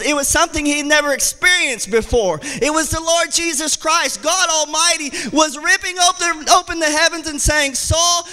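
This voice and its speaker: High bright-voiced preacher man. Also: big-room sound. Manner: fervent preaching, repeating key phrases; reads scripture aloud in old-fashioned wording. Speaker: associate pastor. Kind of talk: sermon. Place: church sanctuary.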